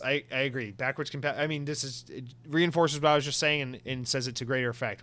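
A man's voice: medium pitch, fairly bright tone. A man hosting a solo podcast, talking animatedly and rambling, with restarts and asides. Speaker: podcast host.

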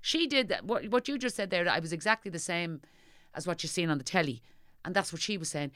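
A woman's voice: on the low side, expressive, brisk, a bit bright, no room sound, clean studio sound. A middle-aged woman with a Dublin accent chatting as an interview guest, telling stories animatedly and acting out what people said. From Ireland. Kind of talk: casual chat.

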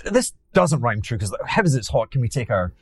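A man's voice: medium pitch, very animated, fairly quick, husky, no echo. A Glaswegian man from Scotland, an investor guest telling stories in a casual interview, rambling with many repeats and restarts.

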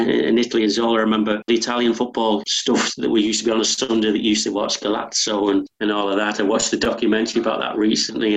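A middle-aged former footballer, telling stories in a rambling, humble, self-correcting way during an interview. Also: male voice, lowish voice, vocal fry, low-quality recording. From England. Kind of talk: conversational interview storytelling.

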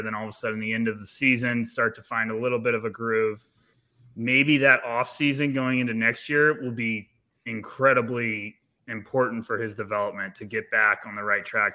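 A man chatting on a basketball-prospects podcast with a bright, forceful voice. He talks in an animated way, often repeating a word as he gathers his thought. His pitch sits in an ordinary middle range. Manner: animated, repeats words when starting thoughts. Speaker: podcast panelist. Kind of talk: casual sports podcast chat.

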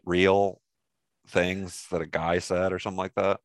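Deep-voiced laid-back podcast guy. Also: little pitch movement, measured pace. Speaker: podcast co-host. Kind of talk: casual chat.

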